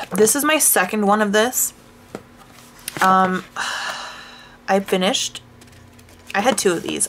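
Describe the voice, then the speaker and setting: A woman vlogger chatting casually while showing her coloring books, rambling and self-deprecating, with sighs and hushed asides. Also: medium pitch, background noise. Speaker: craft vlogger.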